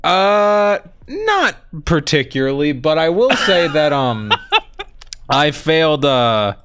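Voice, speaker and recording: A man's voice: a little high, very animated, takes it slowly, fairly bright tone, a little hiss or hum. A young man co-hosting a live stream, chatting casually and easygoing, amused at himself. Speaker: streamer co-host.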